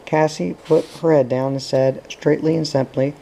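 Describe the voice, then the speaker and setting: A man reading a novel aloud in a steady, understated way. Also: fairly high pitch, normal speed, gravelly, hardly any pauses, poor audio. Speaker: audiobook reader.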